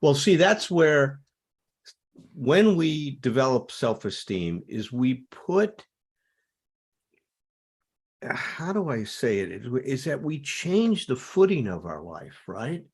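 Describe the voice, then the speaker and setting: A husky-voiced man hosting a discussion, explaining ideas in an emphatic, teacherly way. His pitch moves up and down a lot as he stresses his points. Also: sing-song, takes it slowly, long pauses. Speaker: host. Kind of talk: discussion of recovery topics.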